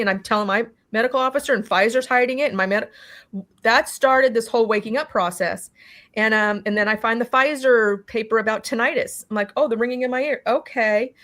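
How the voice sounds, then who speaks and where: A woman recounting her own experience in an interview, talking animatedly, acting out what people said and often restarting with "you know". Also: medium pitch. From California. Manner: animated storytelling, acting out quoted dialogue. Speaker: interview guest. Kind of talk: personal testimony in a conversation.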